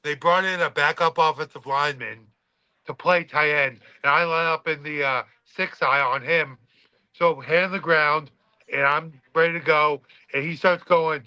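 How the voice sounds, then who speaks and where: A man's voice: a little high, normal speed, pushed and bright, clear, resonant tone, dry recording, low-quality recording. A man, a former college football player, telling a story in casual podcast chat and acting out the quotes with swearing.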